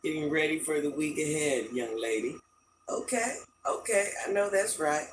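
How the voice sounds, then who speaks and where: A woman's voice: low-pitched, moderate pace, slight background noise, low-quality recording. An older woman hosting a casual livestream from home, chatting with viewers and greeting them with pet names. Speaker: livestream host.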